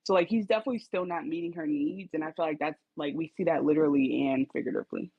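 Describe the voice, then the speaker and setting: A woman's voice: sits low, rapid-fire, slightly rough, narrow, tinny audio. A woman co-hosting a podcast, thinking aloud in a casual, reflective way about a TV episode. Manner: reflective, hedging with fillers. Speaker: podcast co-host. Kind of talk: casual recap chat.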